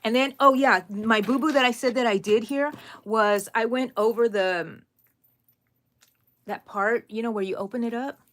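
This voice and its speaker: A woman hosting a live crochet stream, chatting casually with viewers while she works and counting her stitches out loud. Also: fairly high pitch, moderate pace. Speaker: crochet channel host. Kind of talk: live crochet tutorial chat.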